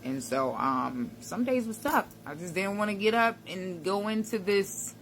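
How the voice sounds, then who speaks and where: A woman's voice: mid-range voice, lively intonation, a little slow, hardly any pauses, a little hiss or hum. A woman giving a casual motivational talk to camera, conversational and reflective, with slang and frequent laughs. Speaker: self-help vlogger.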